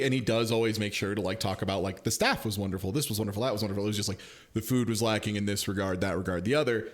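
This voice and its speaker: A man streaming live, chatting casually as he reacts to a video, swearing freely and laughing often. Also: lowish voice.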